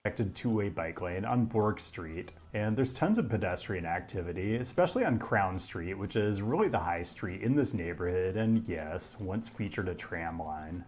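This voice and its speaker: A man from the Pacific Northwest with an American accent, giving scripted narration with dry, deadpan humor. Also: low-pitched, moderate pace, hardly any pauses. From Pacific Northwest, United States. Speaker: video essayist.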